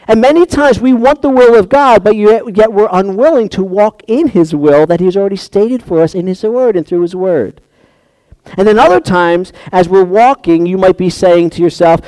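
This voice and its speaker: A man's voice: sits high, normal speed, a little mellow, no room sound. A man preaching a conversational sermon, acting out prayers and little dialogues as he goes.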